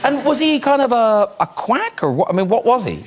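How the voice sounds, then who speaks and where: A man's voice: extremely high pitch, very animated, a little fast. An Irish man hosting a talk show, asking teasing questions between giggles.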